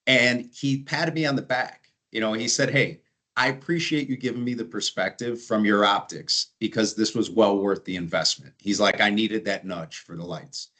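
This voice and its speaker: A man's voice: on the low side, normal speed, sharp tone. A man in his forties telling sales stories in a conversational way, often restarting and adding asides. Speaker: sales trainer. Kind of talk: storytelling sales talk.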